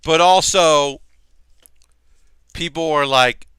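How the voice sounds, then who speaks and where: Bright, crisp-voiced man chatting on stream. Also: medium pitch, lively intonation, a little slow, pauses often, no room sound. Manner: rambling, profane, answers chat aloud. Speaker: livestream host. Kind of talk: casual livestream chat.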